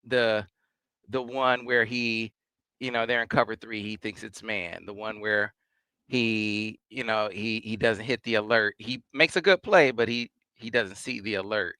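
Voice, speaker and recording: A man's voice: on the low side, measured pace, sharp tone, clean tone, dry recording. A man hosting a sports podcast, asking conversational, leading questions about the game. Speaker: podcast host. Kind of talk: interview questions.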